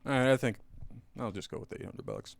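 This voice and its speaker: A man's voice: mid-range voice, huge pitch swings, quick pace, gravelly, dry recording. A young man co-hosting a podcast, rambling in a self-deprecating, mumbly way. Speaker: podcast co-host. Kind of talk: casual chat.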